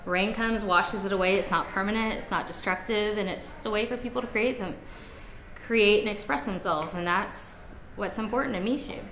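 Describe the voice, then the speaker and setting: A woman speaks calmly in a documentary interview, explaining at an even pitch. Her voice carries a roomy echo, with a faint hiss behind it. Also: normal speed. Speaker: friend describing the artist. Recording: echoey room, faint noise.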